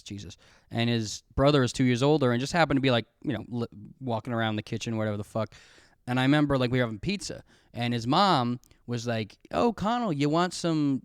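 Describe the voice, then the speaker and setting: Young male podcast host, mid-pitched, swearing storyteller, dry recording. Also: no echo. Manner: rambling, profane, self-mocking, laughs often. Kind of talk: casual storytelling monologue. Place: home room, recorded on camera. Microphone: camera mic.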